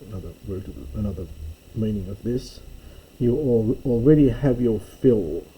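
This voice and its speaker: A man with a dark, husky voice reads and explains Greek words in a slow, careful lesson. He pauses often, uses fillers and corrects himself mid-sentence. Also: medium pitch, low-quality recording. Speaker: Greek New Testament teacher.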